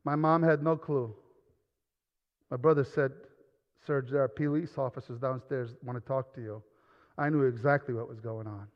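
A male pastor telling a quiet personal story, then preaching with rising force. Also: mid-range voice, steady tone, normal speed, pauses often. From New Rochelle, New York. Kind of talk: sermon. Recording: dull sound with long reverb in a large hall.

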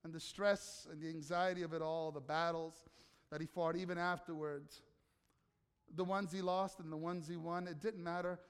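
A man preaching a sermon as pastor, emphatic, asking the listeners rhetorical questions and swinging from soft, slow passages to loud declarations. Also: on the high side, little pitch movement, smooth, in a large hall.

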